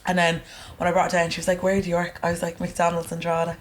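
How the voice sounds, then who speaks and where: A woman guest on a podcast telling a story in casual chat, lively and acting out what people said, with laughter. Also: fairly low pitch, very fast.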